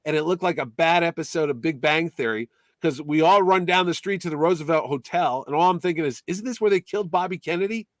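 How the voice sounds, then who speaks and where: Podcast host, male, high-pitched, dry close mic, animated raconteur. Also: fast, no echo. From Connecticut. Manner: animated, acts out quotes in put-on voices. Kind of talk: casual storytelling chat.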